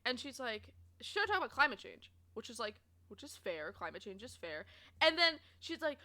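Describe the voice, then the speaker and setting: A young woman streamer from Canada, casually telling stories to her chat, expressive and swearing freely. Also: on the high side, brisk. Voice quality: expressive, swears, laughs often.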